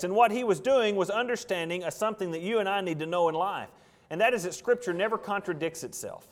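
A man pastor preaching with emphasis and rhetorical questions. His voice sits a little high for a man, and he leans hard on key words. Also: fast talker. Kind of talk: sermon.

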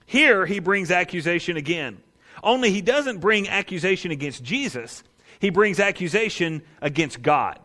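A male pastor preaching a sermon in an animated, conversational way with rhetorical asides. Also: high-pitched, normal speed.

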